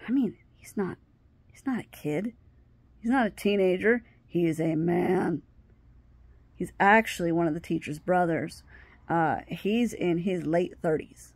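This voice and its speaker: A vlogger with a fairly low voice speaks a little slowly on a dry recording. She casually tells a personal story, animated as she acts out what people said, and often restarts her sentences.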